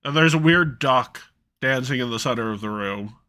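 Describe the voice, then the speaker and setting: A man's voice: medium pitch, moderate pace, sharp tone. A man running a tabletop game as game master, joking around and laughing at his own bits. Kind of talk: casual tabletop game narration.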